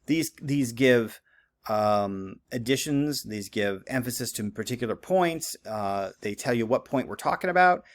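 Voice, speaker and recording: A man's voice: medium pitch, animated, a little slow. A man teaching writing in a conversational lecture, with many fillers and frequent "okay?" checks. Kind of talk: recorded classroom lecture.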